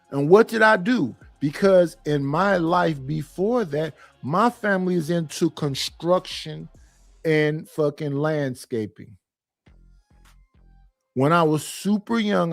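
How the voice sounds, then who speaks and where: A middle-aged man with a notably high voice speaks bluntly on a panel, cursing freely and rambling through stops and restarts. The sound is dry and close, with faint music underneath. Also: creaky, no echo. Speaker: panel guest. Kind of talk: casual opinion talk.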